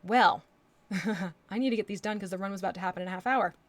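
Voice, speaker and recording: A woman's voice: medium pitch, fast, soft background music. A woman chatting casually on a live stream as she paints miniatures, laughing often and playing with voices.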